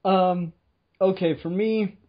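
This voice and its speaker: A jokey man with a fairly high voice chats casually as co-host of a podcast, laughing as he goes. The audio is dull and lo-fi. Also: steady tone, slow pace. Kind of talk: casual chat.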